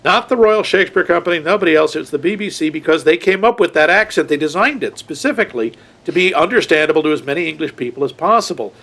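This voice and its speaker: Man, podcast co-host, slightly high voice, casual chat, deliberate, explanatory. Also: a bit bright.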